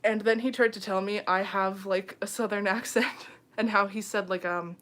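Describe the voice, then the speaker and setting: A woman's voice: mid-range voice, steady tone, normal speed, a bit bright. Giggly young woman chatting on a livestream. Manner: chatty, giggly, heavy on fillers like "um" and "like". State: tired late at night. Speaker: YouTuber hosting a livestream. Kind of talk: casual livestream chat reading comments. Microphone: phone.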